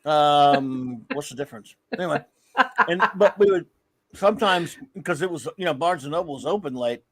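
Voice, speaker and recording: A man's voice: fairly high pitch, moderate pace, dry recording. Rambling man chatting on a live stream. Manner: rambling, reminiscing, greets chat viewers. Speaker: co-host of a live fan show. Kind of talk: casual live-stream chat.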